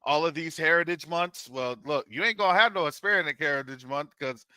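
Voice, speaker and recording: A man from Florida hosting his own channel, talking in a casual, animated commentary monologue with jokey asides and preacher-like calls. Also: high-pitched, brisk, few pauses, dry recording. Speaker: channel host.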